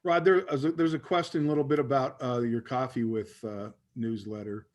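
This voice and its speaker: A man moderating a webinar, giving short replies and asking questions haltingly. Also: medium pitch, steady tone. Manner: brief affirmations, halting questions.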